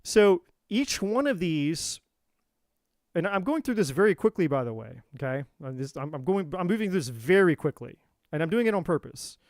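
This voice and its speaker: A man hosting a live tarot stream talks in a high, lively voice, slipping into little acted-out voices as he explains. The sound is dry and close, with no room echo. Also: moderate pace. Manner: animated, acts out quoted voices, casual swearing. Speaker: tarot reader and livestream host. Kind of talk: live-stream teaching talk.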